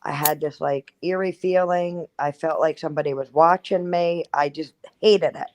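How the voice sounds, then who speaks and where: A woman's voice: sits low, steady tone, moderate pace, darkish tone, low-quality recording. A woman in her thirties telling a personal ghost story in casual chat, full of "like" and acted-out quotes. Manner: chatty, heavy use of "like", acts out quotes. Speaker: guest storyteller.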